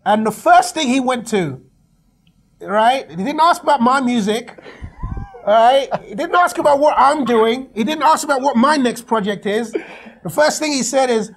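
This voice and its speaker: A man with an English accent, chatting and laughing a lot as a guest singer. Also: extremely high pitch. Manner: animated, laughing often, chatty. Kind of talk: casual chat.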